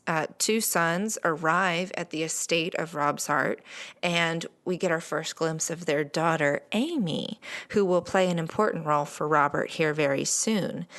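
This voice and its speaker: A young woman talks through a TV episode in a casual podcast chat. Her voice sits a little low. She keeps it loose and chatty, with plenty of "um" and "like". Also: a bit bright. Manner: chatty, frequent fillers like "um" and "like". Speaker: podcast guest commentator.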